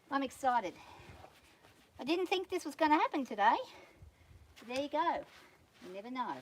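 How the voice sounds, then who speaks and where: A woman with a high voice talks through a horse training session on a farm. She coaxes the animal softly and explains each step plainly and patiently. Faint outdoor sounds and animal noises sit behind her. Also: normal speed, pauses often, slight background noise. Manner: calm and patient, coaxing the horse in a soft praising voice; explains steps plainly to viewers while working. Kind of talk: hands-on training commentary.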